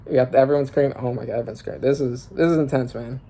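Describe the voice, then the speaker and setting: A young man reacting casually to a comic while reading it aloud, excitable and slangy, thinking aloud with lots of fillers. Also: medium pitch, very fast. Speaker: manga reaction creator.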